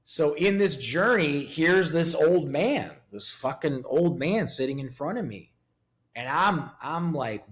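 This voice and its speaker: Man, 50s, interview guest; profane, emotionally raw, slightly high voice. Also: very animated, unhurried. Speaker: podcast guest. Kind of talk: candid interview talk.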